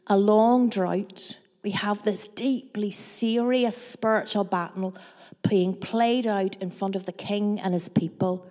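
Slow-speaking woman preaching. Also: mid-range voice, warm tone. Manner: measured, reflective, with dramatic pauses. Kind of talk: sermon with personal storytelling. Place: church hall. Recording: long reverb of a large hall.

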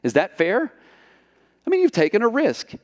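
A man preaching a sermon as pastor, storytelling with lively delivery and acting out the quotes. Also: sits high, normal speed, long reverb tail. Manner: animated storytelling, acts out quotes.

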